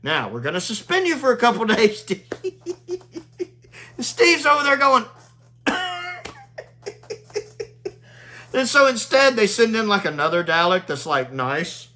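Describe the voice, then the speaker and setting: Lively, laughing man in a chatty review. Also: high-pitched, takes it slowly, long pauses, a little hiss or hum. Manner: gleeful, laughs often, chatty with many "like"s. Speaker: video reviewer. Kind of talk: casual spoken review.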